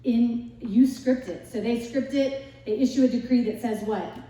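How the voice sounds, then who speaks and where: A woman giving a casual Bible lesson, retelling the story in a lively way with rhetorical questions to her listeners. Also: fairly high pitch, normal speed, slight background noise. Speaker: Bible study teacher. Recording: echoey room, distant mic.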